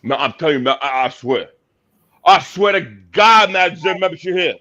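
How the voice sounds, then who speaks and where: A man doing a raging man at a gym counter who is swearing nonstop. His voice is bright and forceful, and it swings widely in pitch as he fires off slang-heavy complaints. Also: animated, normal speed, muffled recording. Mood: angry. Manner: loud, profane, aggressive street slang. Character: angry man cursing at a gym front desk.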